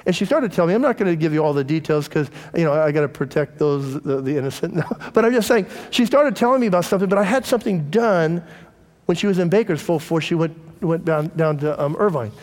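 A man's voice: on the high side, animated, fast, darkish tone, big-room sound. A middle-aged man and pastor, preaching a conversational sermon and telling candid personal stories to his congregation. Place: church.

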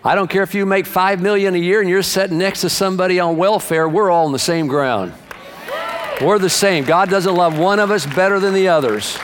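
A man's voice: high voice, fairly quick, slight background noise. A pastor, a man, preaching a sermon to his congregation in a folksy, joke-telling, emphatic way. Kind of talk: sermon with jokes. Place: large church sanctuary. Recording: long hall reverb.

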